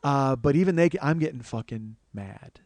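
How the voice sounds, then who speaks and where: A comedian in his forties tells a personal story on a podcast in a medium-pitched voice at normal speed, with no room sound. He's an animated storyteller who swears often and acts out other people's lines, raising his voice to play the crowd.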